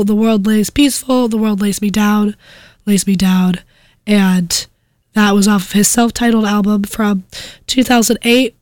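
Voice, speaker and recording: Sick young woman, soft flat voice. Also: mid-range voice, dry recording. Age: young adult. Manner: rambling, hesitant with restarts. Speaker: student radio DJ. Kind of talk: casual radio chat between songs.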